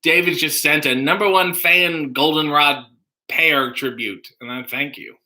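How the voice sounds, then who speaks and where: A man's voice: a little high, fairly even intonation, measured pace, pushed and bright. A man hosting a casual livestream, joking around and reading viewer comments aloud. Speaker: livestream host.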